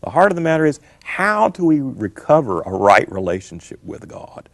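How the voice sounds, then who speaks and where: A man's voice: fairly high pitch, sing-song, moderate pace, dry recording. A middle-aged man, a scholar answering interview questions in an emphatic, lecturing way, repeating his key phrases. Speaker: guest scholar.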